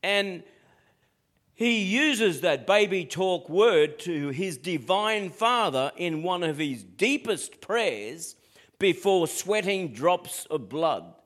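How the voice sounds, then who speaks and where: A man's voice: sits high, expressive, slow, fairly bright tone. A middle-aged man preaching a sermon, asking his congregation rhetorical questions as he goes. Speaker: pastor.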